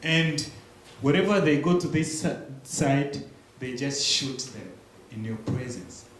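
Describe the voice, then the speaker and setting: A young man giving a church testimony, telling his story slowly and haltingly with pauses and restarts. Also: medium pitch, lively intonation. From Democratic Republic of the Congo. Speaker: guest speaker. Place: large echoey church hall. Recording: very echoey room, faint hiss.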